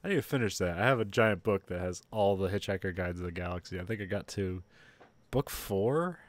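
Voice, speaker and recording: A man's voice: low-pitched, fairly quick, no room sound. A man co-hosting a podcast in casual chat, laughing often and dropping dry quips. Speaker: podcast co-host.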